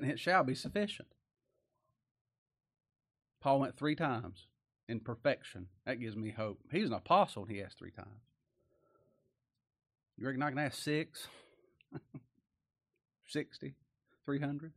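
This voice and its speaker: A man preaches a Bible study sermon in homey, folksy language. He reads the verses aloud with raised emphasis, then drops to soft, confiding asides. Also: mid-range voice, lively intonation, a little slow, pauses often.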